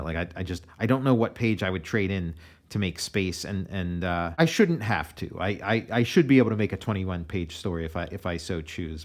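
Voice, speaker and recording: An American comic artist giving a relaxed, meandering commentary on his own pages, often restarting his sentences. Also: low-pitched. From United States.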